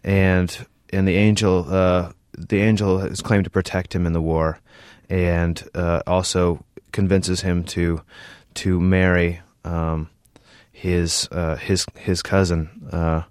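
A man, a novelist, talking in an interview with many halting restarts and reading from his book. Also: low-pitched, flat delivery, darkish tone, clean tone, no echo, clean studio sound.

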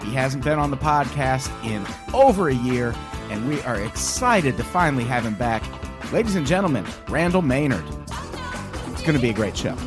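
A man's voice: medium pitch, very animated, normal speed, over music. A man hosting his own podcast, reading plugs wryly and introducing guests in casual banter. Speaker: podcast host.

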